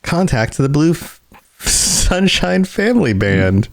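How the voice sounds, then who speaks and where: A man co-hosting a casual podcast, laughing often as he browses and reacts out loud. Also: a little high, slow pace, gravelly. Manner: laughs often, animated, browses online while talking. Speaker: podcast co-host.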